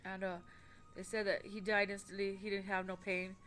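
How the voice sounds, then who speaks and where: A woman's voice: medium pitch, little pitch movement, moderate pace, fairly bright tone, a little hiss or hum. Profane rambling woman telling a story. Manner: rambling, profane, with many fillers and restarts. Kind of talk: casual personal story.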